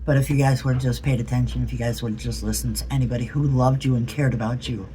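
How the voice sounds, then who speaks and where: A woman's voice: extremely low pitch, steady tone, fast, warm tone, slight background noise, poor audio. A woman from the United States talking in an impassioned political vlog, blunt and earnest, swearing freely. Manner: earnest, pleading. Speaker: political vlogger.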